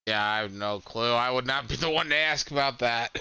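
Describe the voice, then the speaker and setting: A man's voice: mid-range voice, normal speed, bright, forceful tone, clean tone, dry recording. A man co-hosting a casual podcast, telling stories chattily and often restarting his sentences. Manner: chatty storyteller, trails off and restarts. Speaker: podcast co-host.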